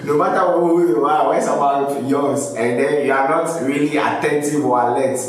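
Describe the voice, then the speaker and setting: A man's voice: a little high, normal speed, hardly any pauses, distant mic. Man explaining rap lyrics in an echoey room. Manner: explains lyrics line by line, laughs often. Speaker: music reaction host. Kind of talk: casual reaction commentary. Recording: roomy echo, off-mic, faint background noise.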